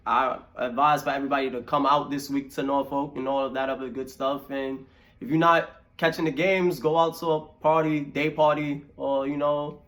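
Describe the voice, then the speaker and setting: Relaxed New York man hosting a show. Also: medium pitch, normal speed. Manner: relaxed, slangy, rambling. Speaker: podcast host. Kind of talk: casual interview chat.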